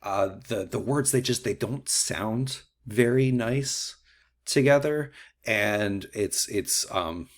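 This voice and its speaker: A man with a somewhat low voice talks through a short lecture as a teacher. His delivery is loose and conversational, full of fillers and self-corrections. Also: slow pace. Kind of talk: unscripted mini lecture.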